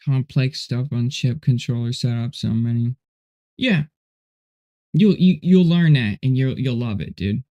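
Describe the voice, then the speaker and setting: A man's voice: mid-range voice, measured pace, dark tone. A man hosting a casual livestream while coding, rambling and laid-back, often saying "dude" and "you know". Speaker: livestream host.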